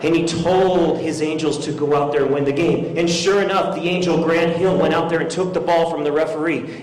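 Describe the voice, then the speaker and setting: Animated male speaker in an echoey hall. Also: on the high side, brisk, hardly any pauses, slight background noise. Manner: animated, swings from yelling to quiet sincerity. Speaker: graduation keynote speaker. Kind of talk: storytelling speech. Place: large hall with an audience. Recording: echoey hall with long reverb.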